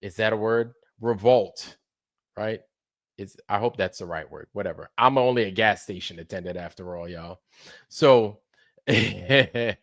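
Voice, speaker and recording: A man in a heated livestream rant, cursing freely and circling back over the same points. His voice drops to low mutters, then jumps up into loud bursts. The sound is dry and close, with no room echo. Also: unhurried. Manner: profane, repetitive, swings between muttering and shouting. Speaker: live streamer.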